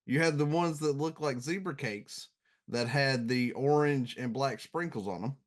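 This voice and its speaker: A man's voice: medium pitch, moderate pace. A man co-hosting a casual chat show, throwing in wisecracks and rambling explanations. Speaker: podcast co-host.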